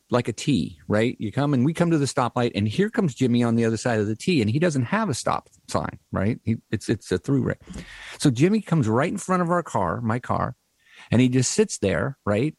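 A man in his sixties from the Midwest spins a long tale in lively, up-and-down tones. He rambles and restarts his sentences often. The room sounds close and dry. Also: medium pitch, normal speed, vocal fry, no echo. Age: 60s. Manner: rambling, animated, frequent restarts and fillers. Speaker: podcast co-host. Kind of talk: casual storytelling.

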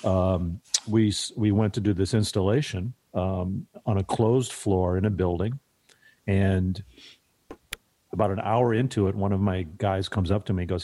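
A man's voice: low voice, fairly even intonation, moderate pace, warm tone, no echo. A man co-hosting a casual podcast chat, telling a work story with frequent ums and restarts. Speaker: podcast co-host.

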